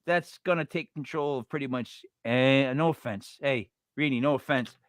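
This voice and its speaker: A man's voice: medium pitch, moderate pace, dry recording. A man in his forties co-hosting a casual true-crime podcast, blunt and joking, rambling off topic. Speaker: podcast co-host.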